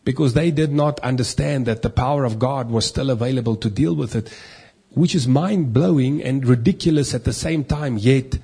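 A man preaching a sermon in a husky, breathy voice. He drives his points home with emphatic repetition and a steady preaching rhythm. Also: mid-range voice, normal speed, few pauses. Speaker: pastor.

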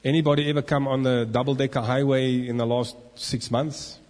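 With a church hall's long reverb behind him, a male pastor delivers an animated sermon in which he voices the inner thoughts of the people he discusses. His voice is medium-pitched and fairly quick.

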